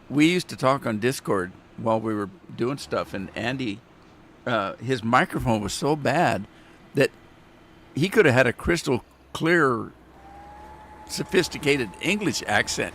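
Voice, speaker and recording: A man's voice: mid-range voice, animated, a little slow, fairly bright tone, a little hiss or hum. Candid, rambling man streaming live. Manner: rambling, candid, with frequent restarts. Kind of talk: casual live stream chat.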